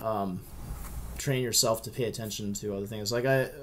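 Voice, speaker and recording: A man's voice: on the low side, steady tone, normal speed, a bit bright, a little hiss or hum. A man co-hosting a podcast in casual chat, thoughtfully explaining ideas at length. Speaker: podcast co-host.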